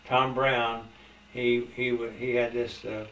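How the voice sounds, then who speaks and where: A man's voice: mid-range voice, level tone, a bit bright. Older man, hesitant storyteller, distant mic, roomy sound with a faint hiss. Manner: halting, full of uh and restarts. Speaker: interviewee. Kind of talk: reminiscing in a family interview.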